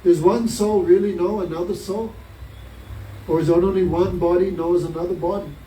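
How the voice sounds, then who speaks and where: A man's voice: high voice, fairly even intonation, normal speed, dark tone. A man teaching a devotional class, telling a scriptural story and asking his listeners many rhetorical questions. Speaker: spiritual teacher. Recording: roomy, distant mic, faint noise.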